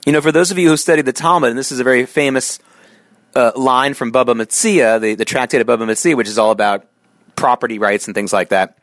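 Animated man podcasting in a dry close sound. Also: fast talker, dry recording. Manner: animated, swings from low tired tones to sharp emphatic peaks. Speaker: podcast host. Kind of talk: solo podcast monologue.

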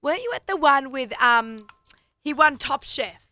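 A middle-aged woman with an Australian accent hosting a radio talk show, chatty and quick to laugh. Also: high voice, lively intonation, bright, forceful tone, a little hiss or hum. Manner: chatty, laughs often, does little voices when quoting. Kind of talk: casual chat.

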